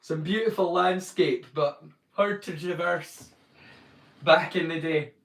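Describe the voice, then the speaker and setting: Speaking slowly with vocal fry, this man has a slightly high, fairly bright voice. A watchalong host from northeast Scotland with a Doric accent, he chats casually on a live stream, jokes, and greets viewers by name. He sits far from the mic in an echoey room.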